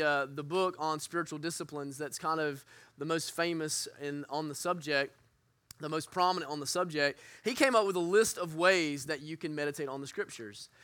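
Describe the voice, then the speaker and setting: A man's voice: a little high, sharp tone, dry recording. A man teaching a church group as their pastor, earnest and candid, often restarting his sentences. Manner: earnest, candid, self-deprecating with frequent restarts.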